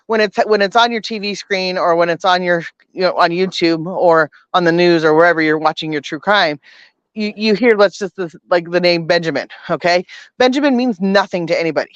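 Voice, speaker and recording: A woman's voice: on the low side, a little fast, dry recording, muffled recording. A woman guest telling her story in casual chat, rambling with many false starts.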